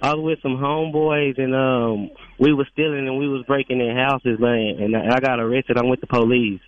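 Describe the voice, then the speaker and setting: A man calling in to pull a prank, speaking in a halting, mumbled way. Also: mid-range voice, steady tone. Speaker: caller in on the prank. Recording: noisy, muffled phone line.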